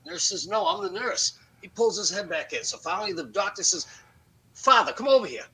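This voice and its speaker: An animated man telling jokes on a community radio talk show. His voice is high and bright, and it swings a lot as he tells the story. Faint noise runs underneath. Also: brisk, creaky, rough recording. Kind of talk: casual radio chat, joke telling.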